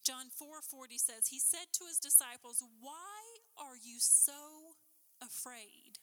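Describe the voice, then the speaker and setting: A woman preaching a sermon, rising to impassioned questions and dropping to hushed emphasis. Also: high voice, expressive, slow. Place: chapel. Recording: chapel with long reverb.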